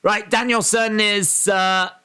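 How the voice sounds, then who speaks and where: A man's voice: high voice, fairly even intonation, slow, pushed and bright, clean tone. A man from England with an English accent, hosting a casual wrestling watch-along stream, calling the action and reading viewer comments aloud.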